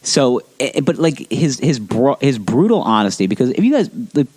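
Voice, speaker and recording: A man's voice: medium pitch, sing-song, normal speed, darkish tone, husky. A man co-hosting a podcast in casual chat, rambling, laughing and swearing as he goes. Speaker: podcast co-host.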